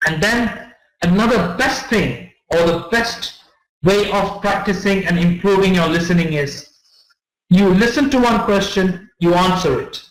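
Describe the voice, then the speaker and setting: Speaking a little slowly in a high-pitched voice, a non-native English speaker lectures a test-prep class on English tips, frequently repeating points and checking on his students. A room mic in the classroom gives a rough, echoey recording.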